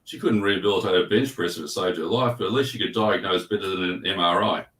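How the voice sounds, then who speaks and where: Male guest, physiotherapist, low voice, earnest with dry wit; echoey room, distant mic. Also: quick pace, a bit bright. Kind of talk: casual interview chat.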